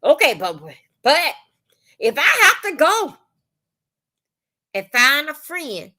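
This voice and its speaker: A woman hosting a casual livestream, talking bluntly and profanely in an animated, storytelling way. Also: high-pitched, slow. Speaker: livestream host. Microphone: phone or webcam on livestream.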